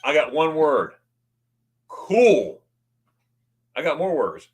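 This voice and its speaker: Reading viewer comments and greeting each person by name, an American livestream host speaks at a normal speed in a voice on the high side. The stream is casual, and he's excitable, often stammering and restarting his words.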